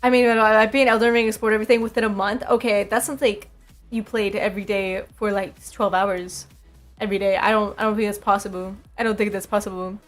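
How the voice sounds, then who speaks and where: A woman's voice: mid-range voice, flat delivery, brisk, faint music behind. A young woman streaming, chatting casually with her viewers, laughing often and repeating herself.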